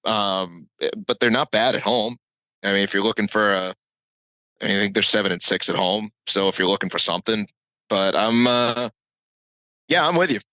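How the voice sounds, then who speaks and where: A man's voice: lowish voice, moderate pace, no room sound, low-quality recording. A man co-hosting a casual sports betting chat over a call, talking animatedly and cutting himself off. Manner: animated, self-interrupting, jokey. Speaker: podcast co-host, betting analyst. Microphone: remote call mic.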